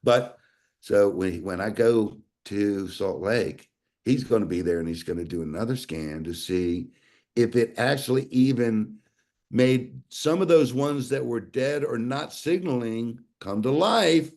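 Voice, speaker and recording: A man telling a story in a folksy, animated way over a video call, acting out the dialogue he quotes. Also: medium pitch, measured pace. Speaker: guest sharing a testimonial. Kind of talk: casual storytelling.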